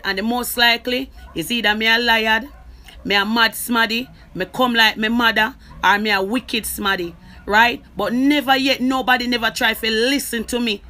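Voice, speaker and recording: A Jamaican woman talking straight to camera, emphatic and forceful, who keeps asking "you understand me?". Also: on the high side. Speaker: social media creator. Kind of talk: direct-to-camera personal talk.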